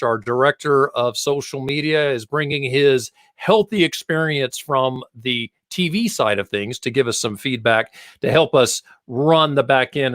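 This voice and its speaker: A man's voice: medium pitch, a bit bright, dry recording, studio quality. A man hosting a live-streamed business show, upbeat and promotional, who is losing his voice and often restarts his sentences. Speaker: host.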